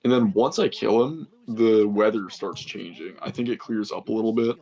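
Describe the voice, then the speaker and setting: A man's voice: lowish voice, normal speed, darkish tone. A man casually recapping a tabletop game session as a player, rambling and correcting himself as he goes. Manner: rambling, self-correcting, filler-heavy.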